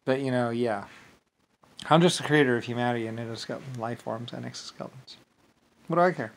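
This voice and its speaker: A man's voice: mid-range voice, fast talker, long pauses. A man delivering a rambling solo monologue, dismissive and profane, with lots of filler words. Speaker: channel host.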